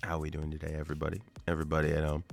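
A man's voice: rumbling low, monotone, very fast, vocal fry, soft background music. A man co-hosting a radio show in a studio, rambling and joking in casual banter. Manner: rambling, joking, self-deprecating.

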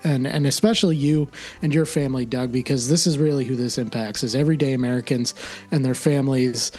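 A man's voice: medium pitch, fairly even intonation, fast, warm tone, faint music behind. A man on a comedy panel who rambles in mock earnestness and stumbles over his words.

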